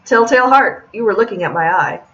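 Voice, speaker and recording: A woman voicing a theatrical, pompous male cafe owner in a game, speaking slowly and grandly in a put-on accent. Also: medium pitch, animated, fairly bright tone, far from the mic, lo-fi sound, lightly acted. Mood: smug.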